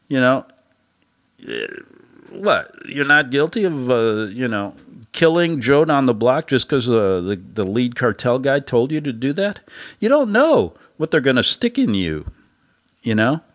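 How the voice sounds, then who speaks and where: Guy hosting a commentary show, rambling along, pitch bouncing all over, chuckles at his own jokes. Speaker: host. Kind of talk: casual commentary monologue.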